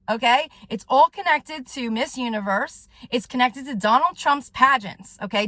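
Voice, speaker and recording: A woman talks straight to her viewers in a heated, swearing rant and keeps punctuating her points with "okay?". Her voice sits high and sounds bright and sharp. The sound is dry and close, with no room echo. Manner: agitated, profane, tags sentences with "okay?". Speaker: vlogger and soul coach. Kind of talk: direct-to-camera rant.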